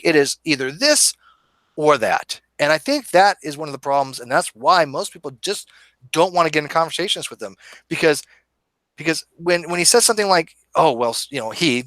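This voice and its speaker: A man hosting a live online debate show, talking in an animated, emphatic and argumentative way. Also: on the high side, dry recording. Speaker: host. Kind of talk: casual debate chat.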